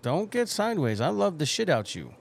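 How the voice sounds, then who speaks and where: A man's voice: on the high side, big pitch swings, a little fast, creaky, a little hiss or hum. A man hosting a casual live podcast, rambling and laughing with crude jokes. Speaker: podcast host.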